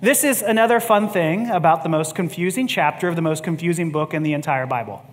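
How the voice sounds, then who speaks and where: A man's voice: on the high side, fairly quick, a little hiss or hum. A man preaching a teaching sermon in a conversational way, laughing often and repeating words as he gathers his thoughts. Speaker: pastor. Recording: reverberant hall.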